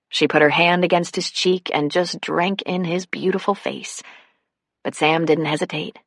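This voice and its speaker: A woman with a notably low voice reads a novel aloud at a steady, unhurried pace. Her narration is recorded close and dry, with no room sound at all. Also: no room sound. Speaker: audiobook narrator. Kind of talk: scripted narration.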